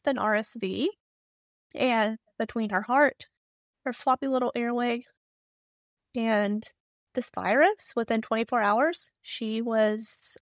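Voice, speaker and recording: A woman's voice: fairly high pitch, no room sound, studio quality. A woman in her thirties with a Southern US accent, telling a personal story candidly and with emotion as a podcast guest. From Southern United States.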